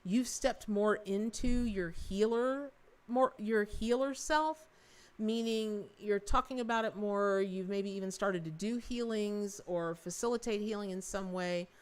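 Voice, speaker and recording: A woman hosts a live-stream tarot reading in a smooth, clear voice at a middle pitch. She rambles effusively, restarting her sentences as the ideas come. Her tone stays folksy and affectionate toward her viewers. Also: measured pace. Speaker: tarot reader and livestream host.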